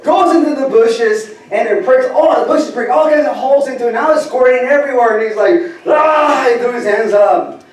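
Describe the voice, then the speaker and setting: A middle-aged man preaching a sermon in a storytelling way, chuckling often and swinging between loud and hushed. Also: extremely high pitch, fairly quick. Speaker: pastor. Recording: distant echoey hall from far off.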